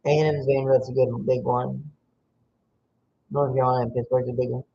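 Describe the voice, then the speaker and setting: A man's voice: medium pitch, level tone, a little fast, gravelly, dark tone, slight background noise. A man hosting a solo sports podcast stream, reading off team matchups with frequent fillers and restarts. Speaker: podcast host. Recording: dull lo-fi sound.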